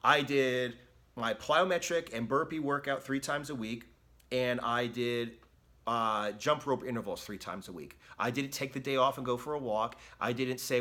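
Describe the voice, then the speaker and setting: A man's voice: mid-range voice, moderate pace, bright, forceful tone. Blunt, profane fitness coach man. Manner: blunt and profane, repeats "okay?"; mocks others' excuses in quoted asides. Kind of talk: direct-to-camera motivational rant.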